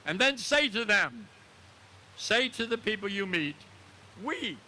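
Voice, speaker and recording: A veteran in his nineties from the United States gives a solemn ceremonial speech at an outdoor memorial, repeating words for emphasis. His high voice is animated, unhurried, pushed and bright, with slight background noise.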